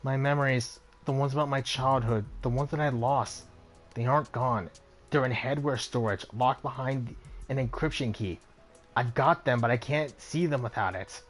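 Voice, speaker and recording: A man voicing a defensive, aggrieved tattooed male hacker, reading game dialogue in his own mid-pitched voice. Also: normal speed, soft background music, close to an everyday voice. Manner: defensive, exasperated.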